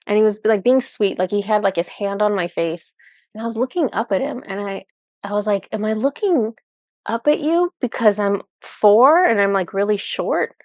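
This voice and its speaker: A woman's voice: medium pitch, moderate pace, dry recording, clean studio sound. A woman with two small children tells viewers a personal spiritual experience in a casual, rambling way, full of "like" and self-corrections. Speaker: spiritual channeler telling a personal story.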